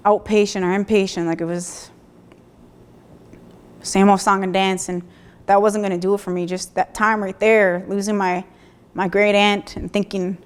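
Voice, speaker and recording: A woman in her thirties telling her own story of recovery, speaking candidly with halting restarts and repeated phrases. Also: medium pitch. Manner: plainspoken, occasional mild swearing. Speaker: person sharing a recovery story. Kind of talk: personal testimony, candid and conversational.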